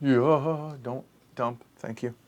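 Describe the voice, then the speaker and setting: A man's voice: medium pitch, expressive, unhurried. A man hosting a solo board game play-through, thinking aloud and muttering counts under his breath as he works out each move.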